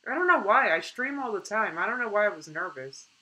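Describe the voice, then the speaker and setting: A young woman chatting casually on a live stream, reading out viewer comments in an animated way and laughing often. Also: medium pitch, brisk, low-quality recording.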